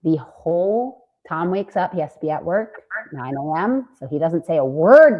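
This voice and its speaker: Swearing woman telling an animated story. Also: deep voice, normal speed, breathy edge, dull audio. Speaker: podcast co-host. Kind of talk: casual podcast chat.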